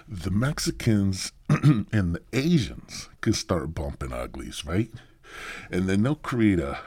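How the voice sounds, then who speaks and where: A man with a low, husky voice rambles through a crude comedic monologue, swearing constantly and circling back on half-finished phrases. He sits close to the mic in a dry, deadened space. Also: a little mellow, dry recording. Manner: profane, meandering, halting restarts. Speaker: podcast host. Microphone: close microphone.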